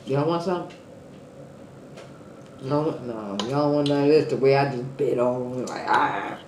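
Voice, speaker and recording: Slow-talking woman eating on camera, roomy echo. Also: very deep voice, a little mellow, slight background noise. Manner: chatty, eating on camera, smacking and sighing. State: out of breath. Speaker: eating show host. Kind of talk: casual mukbang chat to viewers.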